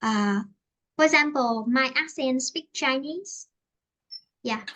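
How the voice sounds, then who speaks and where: A woman from Vietnam with a Vietnamese accent, teaching an online English lesson in a halting way, often repeating and rephrasing herself. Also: high voice, pushed and bright, slight background noise.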